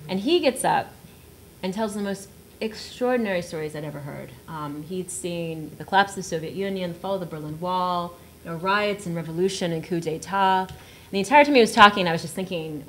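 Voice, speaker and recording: At an auditorium panel discussion, a South Texas writer in her thirties shares a story in an animated, on-the-low-side voice, often laughing and acting out quoted voices. A little hiss or hum sits in the recording.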